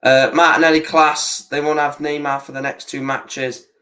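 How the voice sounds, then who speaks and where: A young man hosts a live football watch-along, talking casually and swearing freely. His voice sits a little high and comes out bright and forceful as he rants about the referee. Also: flat delivery, normal speed.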